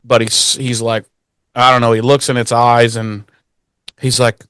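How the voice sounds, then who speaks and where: A man co-hosting a podcast, casually recapping a TV episode with crude jokes and quick character impressions. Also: medium pitch, little pitch movement, fairly bright tone, smooth, dry recording. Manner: profane, jokey, acts out characters in quick voices. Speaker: podcast co-host.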